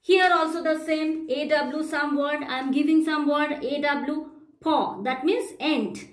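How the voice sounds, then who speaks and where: A woman teaching a phonics lesson, explaining slowly and spelling out letters and sounds. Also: high voice. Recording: echoey room.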